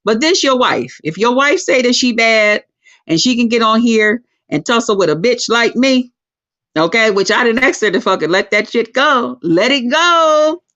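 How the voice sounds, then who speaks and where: A woman hosting a casual livestream chat, telling stories in a profane, animated way. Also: a little high, moderate pace. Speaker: livestream host. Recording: lo-fi dull sound.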